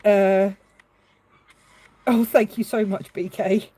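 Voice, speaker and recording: A woman's voice: mid-range voice, steady tone, slow pace, dark tone, slightly rough, poor audio. A woman chatting on a live stream as she paints, hesitant and full of fillers and restarts. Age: adult with a child. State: tearful at moments. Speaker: livestreaming artist. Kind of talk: casual live-stream chat.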